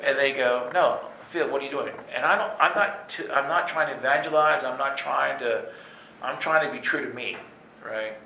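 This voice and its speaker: A man telling stories from his life in an animated way, laughing and acting out voices. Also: medium pitch, normal speed, creaky, slight background noise. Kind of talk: storytelling talk. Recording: echoey room with faint ambience.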